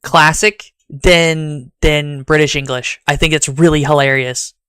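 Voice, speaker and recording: A rambling streamer with a Southern US accent. He chats casually to his viewers in a fairly high, smooth voice that sounds dry and close. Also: steady tone, measured pace, pushed and bright, no echo. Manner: rambling and chatty, talks straight to chat.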